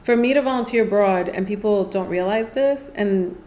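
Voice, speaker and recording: A woman's voice: mid-range voice, moderate pace. A woman, a guest on a podcast, telling stories in a casual chat and acting out the voices of people she quotes. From New York City. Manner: animated storyteller, acts out quoted voices. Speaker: podcast guest, nonprofit founder. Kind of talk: casual interview storytelling.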